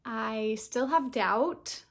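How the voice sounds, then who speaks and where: Young woman vlogger, earnest and open, kinda high voice, just chatting to camera. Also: very slow, creaky. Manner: earnest, open, tearful at times, laughs often. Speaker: vlogger starting a channel. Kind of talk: heartfelt casual vlog talk.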